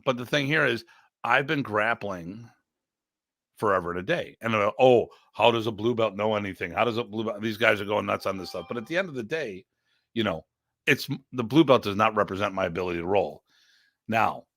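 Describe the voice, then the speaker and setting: In a clean, dry studio recording, an American podcast host and martial arts instructor in middle age swaps casual stories. His delivery is blunt and jokey, rambling with restarts, and he animatedly performs quoted back-and-forths by leaping in pitch.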